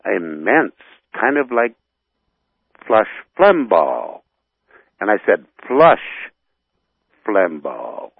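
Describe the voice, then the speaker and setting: A man's voice: on the low side, huge pitch swings, drawn-out words, gravelly, pauses often, slightly rough, no room sound. A man from North Dakota calling in to a radio show, ranting with heat and groping for his words. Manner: rambling, heated, searching for words. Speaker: radio caller. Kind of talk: phone-in rant. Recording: tinny phone line.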